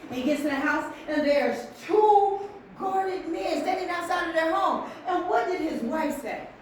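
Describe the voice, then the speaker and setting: A high-voiced woman storyteller telling a folk tale live to a child, playful and animated as she goes. She sounds far from the mic in a strongly echoing room, with faint background noise. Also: measured pace. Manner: animated, playful, often laughing. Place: very echoey room. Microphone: far from the speaker.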